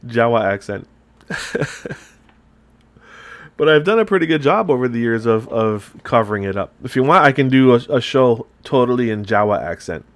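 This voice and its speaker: A middle-aged man from upstate New York talks casually as he paints miniatures. His voice sits at an ordinary pitch, and he wanders into rambling, chatty asides. He sounds like a relaxed hobby host walking through his technique. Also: normal speed. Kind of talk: casual chat while painting.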